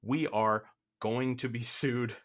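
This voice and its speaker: A man's voice: mid-range voice, steady tone, slow pace, fairly bright tone. A young man co-hosting an improvised comedy podcast, rambling and laughing, often cutting himself off, a bit out of breath. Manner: rambling, self-interrupting, laughing. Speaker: co-host.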